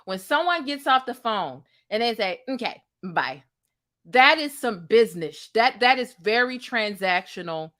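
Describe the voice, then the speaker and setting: Sassy bright-voiced woman commentator. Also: a little high, lively intonation, moderate pace, few pauses. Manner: sassy, incredulous, talks straight to the viewer. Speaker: commentary host. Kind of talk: reaction commentary.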